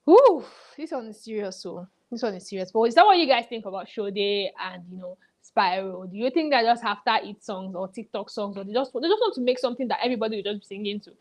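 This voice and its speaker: A woman's voice: mid-range voice, expressive, fast, hardly any pauses, rough recording. A young woman, presenting celebrity gossip in a playful, teasing chat style and acting out the people she quotes. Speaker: entertainment news presenter. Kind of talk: chatty celebrity gossip commentary.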